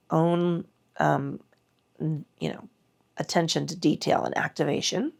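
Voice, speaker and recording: A woman teaching mat Pilates does the movements with her class, giving breath and form cues as she pushes through the contractions, breathing with slight strain. Her voice is fairly low and creaky.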